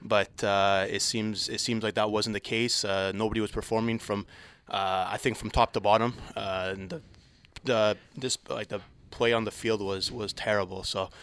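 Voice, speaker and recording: A man co-hosting a podcast in casual sports chat, talking hesitantly with many pauses and restarts. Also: fairly low pitch, little pitch movement, fairly bright tone, clear, resonant tone. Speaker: podcast co-host.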